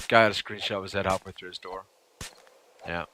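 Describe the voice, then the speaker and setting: A man casually chatting and joking while livestreaming a survival game, rambling between low mutters and loud exclamations. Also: fairly even intonation, brisk, slight background noise. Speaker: gaming livestreamer. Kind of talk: casual let's-play commentary.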